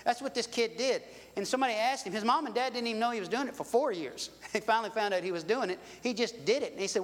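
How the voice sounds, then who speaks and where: A man's voice: high-pitched, fast talker, big-room sound. A man preaching a sermon in a folksy, conversational way, asking his listeners rhetorical questions. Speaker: pastor.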